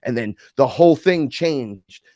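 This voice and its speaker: A man talking as a guest in a panel discussion, telling his story as an intense, rambling rant. His voice sits in a middle register, and the sound is dry with no room echo. He swears freely and his pitch jumps sharply. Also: expressive, a little slow, mellow. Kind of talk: casual discussion, personal storytelling.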